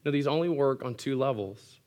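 A man's voice: mid-range voice, fairly quick, darkish tone. Earnest male pastor preaching. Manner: earnest preaching with wry asides. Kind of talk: sermon.

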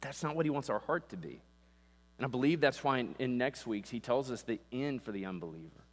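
Man, pastor, impassioned sermon, middle pitch, echoing hall, mains hum. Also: lively intonation, brisk. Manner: impassioned, rising and falling, acts out quoted voices. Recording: long reverb with mains hum.

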